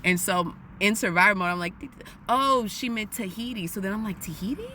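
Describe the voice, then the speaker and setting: A woman's voice: medium pitch, moderate pace, pushed and bright, a little hiss or hum. A woman from the United States talking casually and animatedly to her listeners, calling them y'all. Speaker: podcast host.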